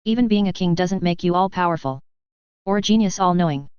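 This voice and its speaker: A woman's voice: fairly low pitch, fairly quick, a little mellow, clear, resonant tone, no room sound, natural voice. A woman voicing an earnest, wry young male lord who speaks dryly, on a dull lo-fi recording. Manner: dry, earnest.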